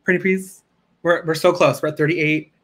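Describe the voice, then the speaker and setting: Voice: mid-range voice, steady tone, moderate pace, fairly bright tone. Bubbly, chatty livestream host. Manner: bubbly, chatty, laughs often, pleads with viewers. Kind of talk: casual livestream chat.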